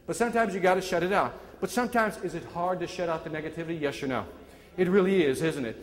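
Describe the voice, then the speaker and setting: A man's voice: fairly high pitch, quick pace. A man in his forties from Chicago, whose first language is not English, giving a live motivational speech with energy and quizzing his listeners as he talks. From Chicago, USA. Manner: energetic, quizzing the room, call-and-response. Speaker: motivational speaker. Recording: echoey hall with long reverb.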